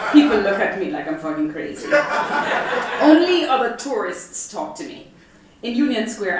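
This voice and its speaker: A middle-aged woman reading from her memoir to a live audience, expressive and profane with comic timing. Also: deep voice. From Jamaica. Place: arts center event hall, audience present. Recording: echoey hall from far off, faint noise.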